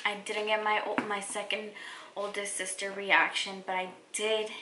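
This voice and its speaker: A woman's voice: medium pitch, moderate pace. A young woman telling a personal story to her camera in a casual, chatty way, full of "like" and restarts. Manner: chatty, lots of "like" and restarts, animated quoting of herself. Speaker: vlogger. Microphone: camera or phone mic. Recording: echoey room with faint ambient noise.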